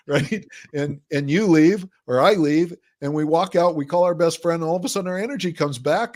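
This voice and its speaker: A man's voice: fairly high pitch, brisk, few pauses, darkish tone. Man explaining at length in an interview. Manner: explains at length, acts out quoted people in a livelier voice. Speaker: guest. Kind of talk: conversational podcast interview.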